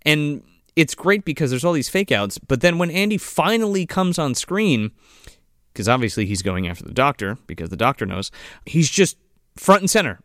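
A man's voice: a little high, normal speed, no echo, clean studio sound. A young man co-hosting a casual movie podcast, recapping scenes with lots of swearing and acted-out lines. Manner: animated, profane, acts out film characters' lines. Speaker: podcast co-host.

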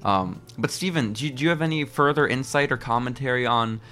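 Excitable man recapping in casual chat. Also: medium pitch, a little fast. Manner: excitable, animated storytelling. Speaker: podcast co-host.

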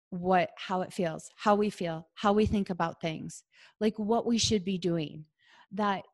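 A woman from the Midwest, hosting a casual solo podcast in a chatty, earnest way, with lots of "like.". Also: medium pitch. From American Midwest. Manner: chatty and earnest, heavy use of "like". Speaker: podcast host.

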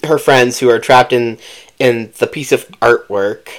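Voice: medium pitch, measured pace. Chatty podcast co-host full of fillers. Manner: chatty, many fillers, acts out quotes. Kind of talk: casual book discussion.

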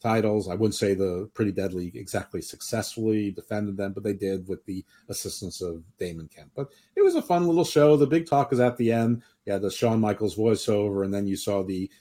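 A man's voice: on the low side, brisk, hardly any pauses, dark tone. A man hosting a podcast in casual chat, opinionated and rambling, often restarting his sentences. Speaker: podcast host.

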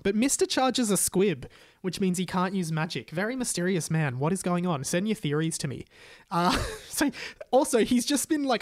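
A man's voice: high-pitched, no room sound, studio quality. A young man reading his old fan story aloud and mocking it, laughing often as he comments. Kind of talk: casual comic reading with commentary.

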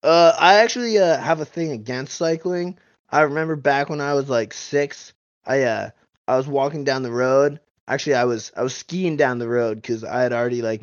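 A man's voice: medium pitch, no room sound, muffled recording, lightly acted. A man doing an improvised comedy voice of a dim-witted, boastful young male bro skier who talks in slangy surfer-bro drawl.

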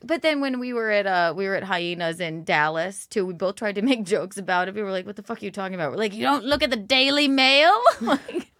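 A woman's voice: medium pitch, brisk, hardly any pauses, a bit bright, no echo, studio quality. A woman comedian from South Carolina, a guest in a casual podcast chat, chatty, laughing and self-deprecating. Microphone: studio microphone.

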